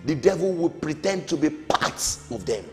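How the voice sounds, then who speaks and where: Animated man preaching a lesson. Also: on the high side, normal speed, vocal fry. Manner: emphatic, rising calls and falling amens. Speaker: Sunday school teacher. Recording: long hall reverb, faint music.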